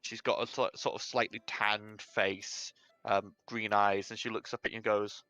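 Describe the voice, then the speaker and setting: Game master, man, bright tone, hedging rambling narration. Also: on the low side, level tone, normal speed, no echo, highs cut off, faint music behind.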